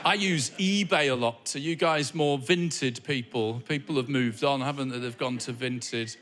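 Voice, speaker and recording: A man's voice: medium pitch, moderate pace, fairly bright tone. A male stand-up comedian on stage, talking to the crowd in a wry, conversational way full of observational asides. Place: comedy club stage before a live audience.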